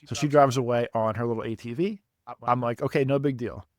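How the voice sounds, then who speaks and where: A young man on a podcast telling a long story casually, animated and profane, laughing at himself. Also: medium pitch, brisk, no room sound. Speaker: podcast co-host.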